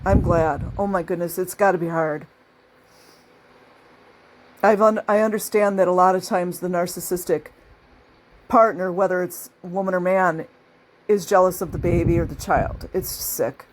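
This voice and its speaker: A woman's voice: fairly low pitch, steady tone, normal speed, pauses often, background noise. Chatty, laughing woman talking to her viewers. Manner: chatty, laughs often, acts out quoted people. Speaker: channel host. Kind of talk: casual monologue to viewers.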